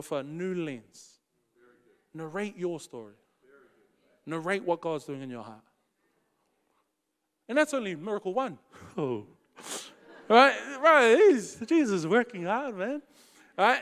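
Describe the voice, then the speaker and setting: A man's voice: high voice, fairly bright tone, big-room sound. A man preaching in a casual, slangy storytelling way. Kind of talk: storytelling sermon.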